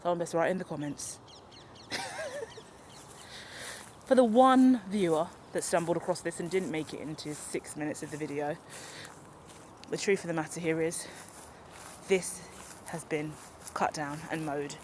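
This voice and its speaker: A woman, rambling through an unscripted walk-and-talk vlog outdoors, animated and self-mocking. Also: low voice, a little slow, pauses often, slight background noise. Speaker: vlogger. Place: outdoors in a park or woodland. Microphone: handheld camera while walking.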